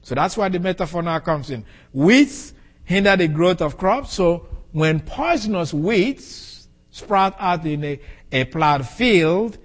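A man giving an expository Bible lesson as a preacher, slow and deliberate, repeating key phrases for emphasis. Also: high-pitched, fairly bright tone. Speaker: preacher teaching scripture.

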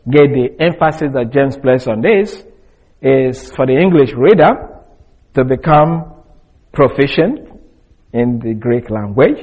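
Guy teaching bible stuff, slow and careful with lots of uhs, kinda husky, pitch all over the place. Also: darkish tone, low-quality recording. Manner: deliberate, explanatory, with frequent fillers.

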